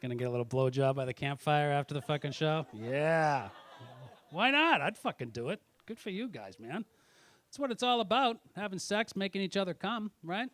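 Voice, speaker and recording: A man doing stand-up comedy with crowd work, swearing constantly and swinging from muttered asides to loud angry outbursts. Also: fairly high pitch, animated, moderate pace.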